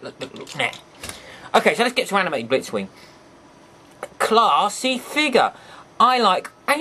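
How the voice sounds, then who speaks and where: A man's voice: sits high, a bit bright, breathy edge. A man reviewing a toy in a casual, rambling way, breaking off for joking, apologetic asides.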